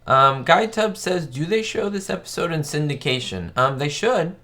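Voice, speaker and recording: A man's voice: fairly high pitch, big pitch swings, normal speed, bright, forceful tone. A man hosting a live stream, chatting enthusiastically in a casual way and reading out viewer questions.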